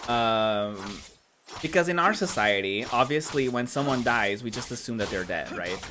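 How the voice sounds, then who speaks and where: A man's voice: medium pitch, expressive, normal speed, pushed and bright, slight background noise. A man chatting casually while streaming a game, filled with "like" and laughs. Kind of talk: casual gameplay commentary.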